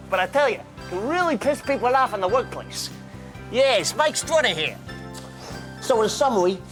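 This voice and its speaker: A man voicing a cocky, foul-mouthed lawyer, talking brashly. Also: high-pitched.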